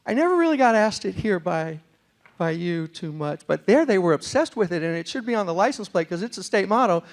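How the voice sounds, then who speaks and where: A middle-aged man tells a comic story to a university crowd. His voice sits high for a man and has a gravelly edge. His accent mixes New York with West Virginia, and he jumps into other people's voices with lively comic timing. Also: a little fast. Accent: mixed New York and West Virginia. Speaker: storyteller and motivational speaker. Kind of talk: humorous storytelling talk. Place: university lecture hall with a live audience.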